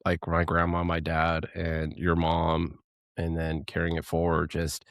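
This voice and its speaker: Deep creaky-voiced guy, laid-back podcast chat, dry close sound, rambles and laughs a lot. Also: monotone, unhurried, fairly bright tone, no echo. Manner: reflective, rambling, often laughing. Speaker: podcast co-host. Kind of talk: casual chat.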